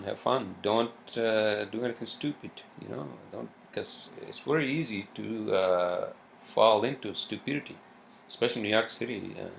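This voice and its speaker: A man's voice: fairly low pitch, gravelly, slight background noise. A man hosting a solo podcast, talking in a meandering, profane way with many fillers. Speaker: podcast host. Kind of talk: rambling solo podcast monologue.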